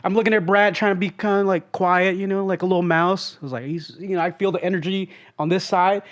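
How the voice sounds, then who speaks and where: A man's voice: high-pitched, steady tone, fast. A man from Long Beach, California, a guest telling a story in casual podcast talk, rambling with restarts and acting out quotes. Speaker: guest and road companion.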